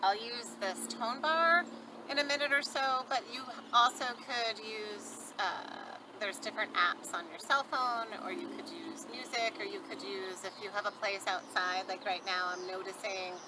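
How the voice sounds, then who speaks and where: A middle-aged woman, a mindfulness and yoga teacher, gently guiding a mindfulness lesson outdoors on a farm. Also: mid-range voice, normal speed. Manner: gentle, calm guiding with soft fillers. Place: outdoors on a farm, birds and traffic around. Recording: outdoor recording with clear background noise. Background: birdsong, distant traffic and farm sounds.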